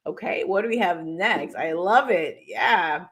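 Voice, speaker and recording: A middle-aged woman hosting a morning show in energetic, casual chat, talking straight to viewers and her crew. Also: lowish voice, unhurried.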